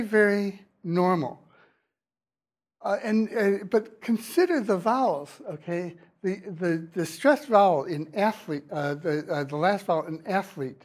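Halting male lecturer in class. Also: sits high, expressive. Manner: halting, many restarts and fillers, clears throat. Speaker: university lecturer. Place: lecture hall.

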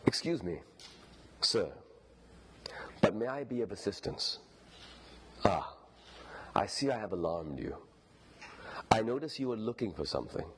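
A man's voice: lowish voice, big pitch swings, unhurried, long pauses, slight background noise. A man with a Pakistani English accent reading a novel aloud as a courteous, formal young Pakistani man who speaks in old-fashioned phrasing. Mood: courtly.

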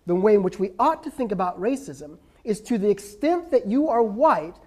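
A man's voice: high voice, very animated, normal speed, darkish tone. A man giving a lecture as a professor and taking questions from the audience, speaking emphatically and often checking in with "right?". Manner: emphatic, frequently ends points with "right?".

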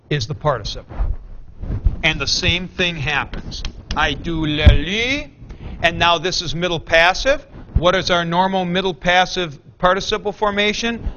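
A man's voice: sits high, pushed and bright, a little hiss or hum. A man teaching a Greek grammar class, talking through the forms aloud and correcting himself as he goes. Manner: thinks aloud, corrects himself mid-explanation. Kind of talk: classroom lecture. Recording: dull lo-fi classroom recording.

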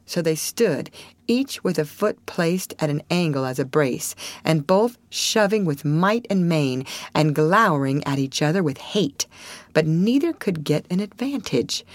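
A woman reading a classic novel aloud as an audiobook narrator, expressive and animated. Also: sits low, dry recording. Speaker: audiobook reader. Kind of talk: scripted storybook narration.

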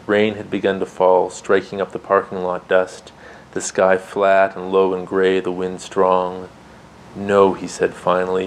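Guy reading from his memoir, lowish voice, calm and measured, faint hiss behind. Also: gravelly, poor audio. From Canada and the United States. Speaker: author.

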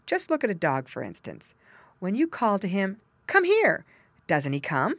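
A woman narrating a children's storybook, with gentle asides explaining things to young listeners. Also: lowish voice, very animated, moderate pace, no echo. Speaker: audiobook narrator.

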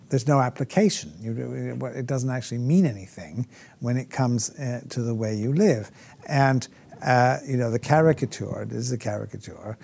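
A man's voice: mid-range voice, vocal fry, dark tone. A man lecturing on theology off the cuff, with frequent fillers and restarts, posing rhetorical questions and mimicking critics. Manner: hesitant, many fillers and restarts. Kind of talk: unscripted classroom lecture.

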